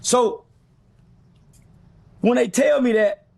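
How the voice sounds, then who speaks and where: A man's voice: very high voice, vocal fry, darkish tone, breathy edge, no room sound. A middle-aged man recounting a story in an interview, blunt and profane, acting out what others said. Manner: blunt, profane, rapid recounting with acted-out quotes. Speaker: interview guest telling a story. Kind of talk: animated storytelling in a sit-down interview.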